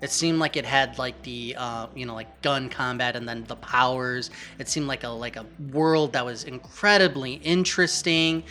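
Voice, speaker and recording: A man's voice: mid-range voice, normal speed, hardly any pauses, sharp tone. A man hosting a gaming podcast, opening with playful hype-building announcer flair, then chatting casually. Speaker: podcast host.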